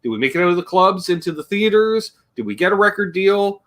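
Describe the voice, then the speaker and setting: A man's voice: sits high, expressive, fairly quick. A man hosting a casual livestream chat, rambling and joking and reading viewer comments aloud as he talks. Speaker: livestream host.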